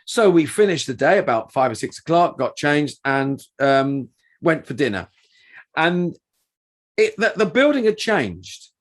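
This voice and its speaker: A man's voice: on the high side, big pitch swings, measured pace. A middle-aged man co-hosting a podcast, telling anecdotes in a casual, rambling way with many restarts. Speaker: podcast co-host and performer.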